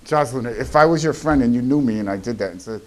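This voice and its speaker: A man filming casual street interviews on a campus, asking loud, teasing, goading questions. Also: mid-range voice, fast.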